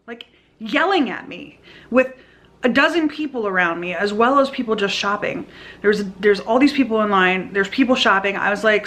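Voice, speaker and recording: A woman vlogger telling a personal story in a casual, animated way, with quick restarts as she goes. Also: mid-range voice. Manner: animated, tumbling retelling with restarts.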